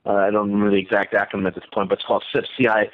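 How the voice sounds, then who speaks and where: A man talking as a guest on a radio interview, animated, often repeating himself and acting out quoted voices. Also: on the low side, very fast. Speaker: guest economist. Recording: tinny phone line.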